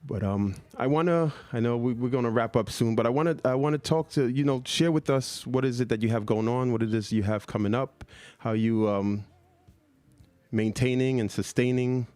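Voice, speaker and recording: A man hosting a podcast interview, speaking in a halting way with many pauses and restarts. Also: mid-range voice, darkish tone, smooth, no room sound. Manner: halting, full of fillers and restarts. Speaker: podcast host. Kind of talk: interview conversation.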